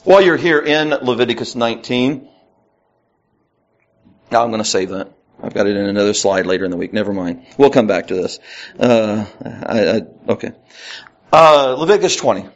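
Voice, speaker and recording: A man's voice: fairly low pitch, moderate pace, pauses often, dull audio. A man preaching a conversational Bible lesson, reading verses aloud with rising emphasis between casual asides. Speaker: pastor. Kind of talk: Bible teaching sermon.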